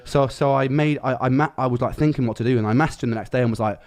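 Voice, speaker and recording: Guy telling a funny story, lots of restarts and swearing, mid-pitched everyday voice. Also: steady tone, rapid-fire, hardly any pauses. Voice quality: rambling, self-correcting, swears freely. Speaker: music producer telling a story. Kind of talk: casual anecdote in a video.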